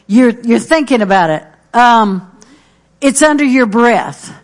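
Middle-aged woman preacher, earnest, emphatic, repeats key lines, voice sits a bit high. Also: lively intonation, takes it slowly. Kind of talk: sermon.

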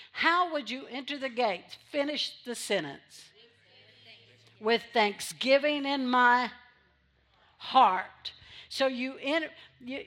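Woman, pastor, church sermon, call-and-response amens, repeats phrases, slightly high voice. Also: fairly bright tone.

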